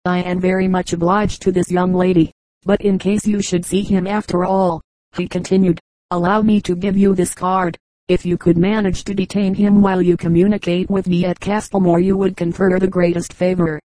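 A stiff, courteous older gentleman with very proper phrasing, read by a woman. The delivery is low and level, with hardly any lift. It is recorded close in a dry space. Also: level tone, moderate pace, dry recording, lightly acted, low-quality recording. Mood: formal. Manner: formal and courteous.

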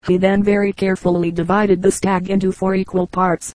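Female audiobook narrator, measured, mellow and dry. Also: mid-range voice, dry recording, low-quality recording. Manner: measured, steady reading. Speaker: audiobook reader. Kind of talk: scripted storybook narration.

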